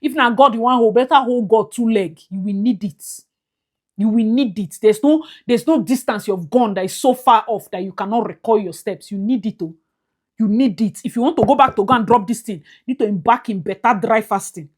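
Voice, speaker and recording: A young woman with a Nigerian accent giving casual commentary, mixing Pidgin into English, laughing often and swinging from loud to whispered. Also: a little high, fairly quick. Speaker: vlogger.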